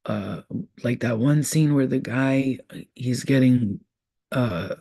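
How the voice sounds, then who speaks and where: Speaking as a spiritual vlogger, a young man rambles casually in a profane, conspiratorial monologue. His voice is medium-pitched and dark, and he takes it slowly. The studio sound is clean with no echo.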